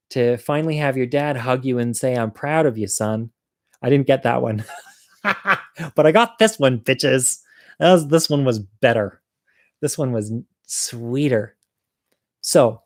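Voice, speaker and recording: A man's voice: mid-range voice, darkish tone, no echo, clean studio sound. A man telling a personal story in a casual, profane way, acting out the lines of the people in it. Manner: casual, profane, acts out quoted dialogue. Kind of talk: personal story told to an audience.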